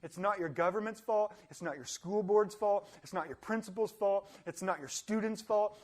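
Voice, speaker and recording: A young adult man giving a motivational talk, animated, acting out complainers in high voices. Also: moderate pace, few pauses, faint music behind. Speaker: motivational speaker.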